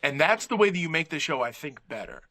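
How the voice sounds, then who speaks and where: Bright, high-voiced animated man. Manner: animated, mimics characters in quick asides. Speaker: podcast guest. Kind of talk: casual comedic movie review chat.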